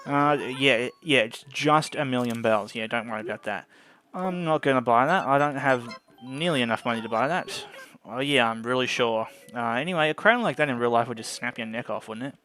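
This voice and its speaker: A man's voice: medium pitch, fairly quick, pushed and bright. A man giving casual gameplay commentary into a desk microphone, chatty and often tripping over his words. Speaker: gameplay video host. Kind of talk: casual let's-play commentary.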